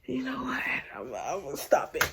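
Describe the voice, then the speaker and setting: Sassy, animated young woman vlogger. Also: mid-range voice, moderate pace, background noise. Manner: sassy and animated, sighs and laughs often; drops to a hushed aside at times. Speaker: vlogger telling a story. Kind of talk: casual storytime to camera.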